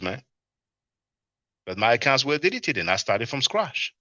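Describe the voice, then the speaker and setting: A man's voice: mid-range voice, sing-song, measured pace, pushed and bright, dry recording. A man hosting a casual livestream, laughing often and reading chat comments aloud to answer them. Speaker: livestream host. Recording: dull, lo-fi stream audio.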